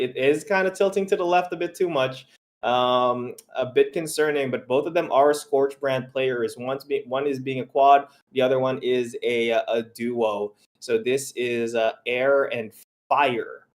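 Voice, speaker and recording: A young man casting a live esports match, excitable and quick to laugh as he banters with his co-caster. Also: mid-range voice.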